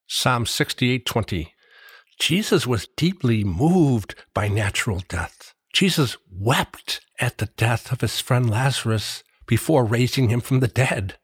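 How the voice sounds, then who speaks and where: A man giving a slow, earnest Catholic devotional reflection, reading scripture verses aloud. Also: medium pitch, animated, husky, dry recording, studio quality. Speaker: Catholic preacher.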